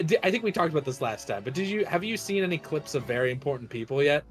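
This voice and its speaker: A man's voice: a little high, animated, fast, faint music behind. Rambling, laughing male streamer. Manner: rambling, laughs often, self-interrupting. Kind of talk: casual chat while playing a game.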